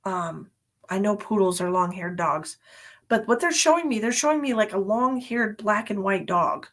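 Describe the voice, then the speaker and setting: A woman's voice: mid-range voice, animated, moderate pace, a bit bright. A woman psychic medium giving a live-streamed reading, chatty and sleepy, thinking aloud with many fillers. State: sleepy, yawning.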